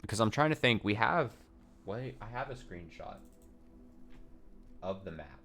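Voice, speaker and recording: Deep-voiced guy streaming a puzzle game, talks it through out loud, swears a lot, mocks himself. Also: very animated, measured pace. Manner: thinks aloud, swears casually, self-mocking. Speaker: let's play streamer. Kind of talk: casual gameplay commentary.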